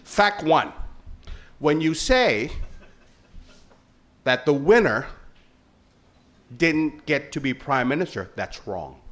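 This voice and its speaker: A man's voice: on the high side, sing-song, slow, pauses often, fairly bright tone. A man from Thailand in his late fifties, speaking as a panelist with jovial, joking, emphatic remarks. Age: late 50s.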